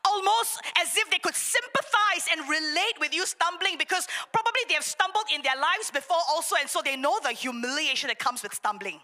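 A young adult woman pastor, preaching a sermon with animated, self-mocking storytelling. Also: very high-pitched, brisk, hardly any pauses. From Singapore.

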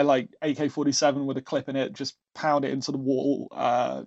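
A man guest on a podcast telling a story in a casual way, animated, often laughing and restarting his sentences. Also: mid-range voice. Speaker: podcast guest, travel agent. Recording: dull lo-fi sound.

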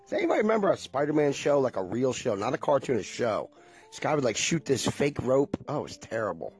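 A man's voice: medium pitch, very animated, fast talker, husky, faint music behind. A man in his forties chatting casually to viewers, rambling and nostalgic and swearing freely.

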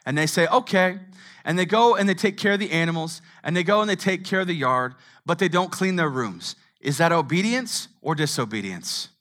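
Energetic man preaching a sermon. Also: on the high side, a little fast, hardly any pauses. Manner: dynamic preacher, swings from hushed to shouting. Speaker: pastor.

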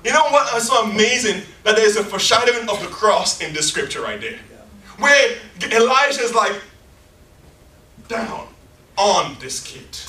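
A man's voice: high voice, big pitch swings, normal speed, pushed and bright, roomy sound, recorded from a distance. A man preaching a passionate sermon, acting out scenes in different voices. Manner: impassioned, acts out scenes in many voices.

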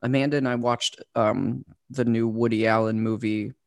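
A man's voice: mid-range voice, flat delivery, creaky, no echo, clean studio sound. Opinionated man joking in casual chat. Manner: opinionated, joking, quick asides. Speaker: podcast co-host.

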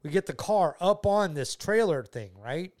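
Rambling dad telling a story. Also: male voice, high-pitched, normal speed. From Georgia, USA. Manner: animated, rambling, repeats words, voices the people in his story. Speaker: father telling a story to his child. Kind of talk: casual family storytelling.

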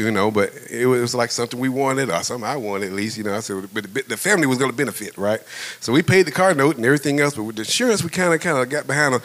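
A middle-aged male pastor in the pulpit, talking to his congregation like old friends. His delivery is loose and animated, with sudden jumps up in pitch as he acts out the story, and he laughs often. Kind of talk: storytelling sermon.

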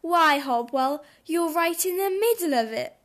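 A woman's voice: high-pitched, measured pace. A woman voicing a cheerful male robin who laughs and explains things kindly in a storybook.

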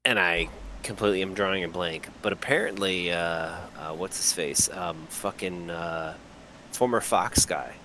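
A man's voice: low voice, pushed and bright, slight background noise, low-quality recording. A man co-hosting a podcast in casual, profane chat, often restarting his sentences. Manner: profane, blunt, halting restarts. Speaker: podcast co-host.

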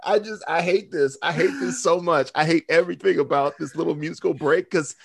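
A man's voice: on the high side, fairly quick, vocal fry. A man co-hosting a podcast in casual chat, ranting animatedly with plenty of profanity and frequent laughter. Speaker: podcast co-host.

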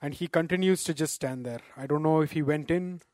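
Guy preaching a sermon, slightly high voice, dry close sound, slows way down on verses, keeps asking "right?". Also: darkish tone, no echo. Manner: slows down to quote scripture, rhetorical "right?" asides.

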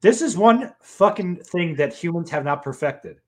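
A man's voice: a little high, lively intonation, normal speed. A man co-hosting a podcast in casual, rambling banter, laughing often. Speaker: podcast co-host. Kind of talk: casual chat.

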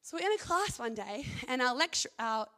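A young woman with a fairly high voice gives a personal faith testimony and reads scripture, earnest and chatty, rambling and leaning heavily on "like" and "I think." Her pitch swings widely, her pace is a little fast, and her tone is a bit bright. The long reverb of a hall carries her words.

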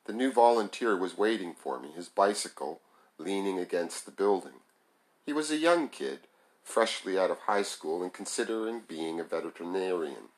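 Low-voiced man reading a novel aloud. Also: lively intonation, normal speed, rough recording. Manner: plain amateur reading with small stumbles and self-corrections. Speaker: reader.

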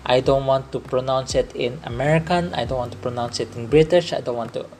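A Filipino man with a Filipino English accent hosts a faith-based podcast, speaking earnestly and often restating and repeating his phrases. His mid-range voice has a darkish tone and moves fairly quickly, with slight background noise.

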